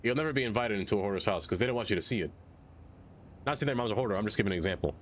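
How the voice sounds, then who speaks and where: A man's voice: lowish voice, expressive, rapid-fire, a bit bright, a little hiss or hum. A man streaming a city-building game, rambling casually to his viewers and getting sidetracked by chat. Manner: rambling, chatty, easily sidetracked.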